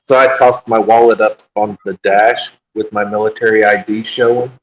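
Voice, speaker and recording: A man with a lowish voice tells a story in a relaxed chat. He is animated and acts out the lines of the people in it. The room around him echoes noticeably. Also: slight background noise. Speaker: guest telling a story. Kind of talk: casual chat.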